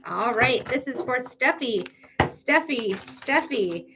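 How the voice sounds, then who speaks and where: A woman's voice: on the high side, expressive, slow, noisy background. A woman hosting a live psychic reading stream, chatting casually with viewers and swearing now and then.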